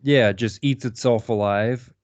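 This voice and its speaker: A man's voice: medium pitch, a little slow, darkish tone, no room sound. A man co-hosting a podcast, talking in a rambling casual way with a lot of swearing and laughing. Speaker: podcast co-host. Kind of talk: casual profane chat. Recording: dull lo-fi dry sound.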